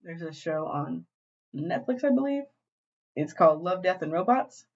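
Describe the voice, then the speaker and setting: A woman's voice: fairly low pitch, moderate pace. Podcast cohost lady, swears a lot, gets worked up retelling stuff, kinda dull muffled audio. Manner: animated, profane storytelling. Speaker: podcast co-host. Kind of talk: casual chat. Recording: dull lo-fi glitchy recording.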